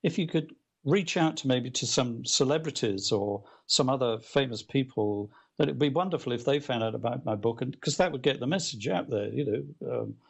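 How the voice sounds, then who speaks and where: This middle-aged guest author has a lowish, gravelly, slightly rough voice. He tells a story in casual conversation, rambling and animated, full of fillers and restarts.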